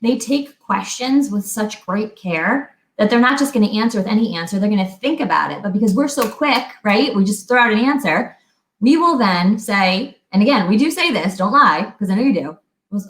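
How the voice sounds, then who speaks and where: A woman co-hosting a fitness talk, giving chatty, animated relationship advice and acting out little quotes. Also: mid-range voice, normal speed. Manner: chatty, animated, laughs often, acts out quotes. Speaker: fitness coach co-host. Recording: echoey room.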